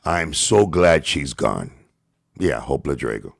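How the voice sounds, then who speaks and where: Gravelly, taunting livestream host man. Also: rumbling low, big pitch swings, unhurried, pauses often. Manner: taunting, profane, insulting. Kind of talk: ranting livestream talk.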